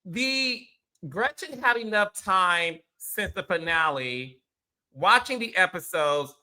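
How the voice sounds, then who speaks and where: Man, high voice, very bright tone, blunt sarcastic commentary, casual swearing, reality show recap host. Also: lively intonation, slow pace.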